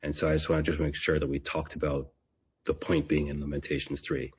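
A man giving an unhurried Bible teaching, often repeating and restarting his phrases. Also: rumbling low, completely flat delivery, slightly rough, highs cut off.

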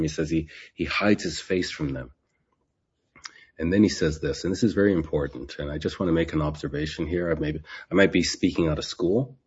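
A man giving an unhurried Bible teaching, often repeating and restarting his phrases. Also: rumbling low, darkish tone, husky, muffled recording.

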